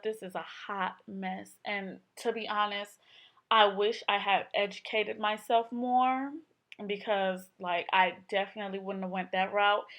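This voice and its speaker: A young woman speaking to her camera in a casual vlog. Her voice sits at a middle pitch, and her delivery is chatty and loose. She keeps saying "like" and acts out what others said. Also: a bit bright. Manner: chatty, filler-heavy, acts out quotes. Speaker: vlogger. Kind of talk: casual personal storytelling.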